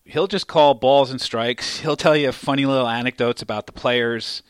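A man's voice: mid-range voice, steady tone, normal speed, clean tone, no echo. Podcast host guy, jokey, laughs a lot, mid voice, dry mic. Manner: laughs easily, loose and joking. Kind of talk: casual chat.

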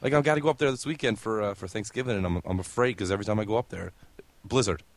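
A man's voice: fairly low pitch, rapid-fire. A man co-hosting a casual podcast chat, talking bluntly and profanely and laughing often. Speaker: podcast co-host.

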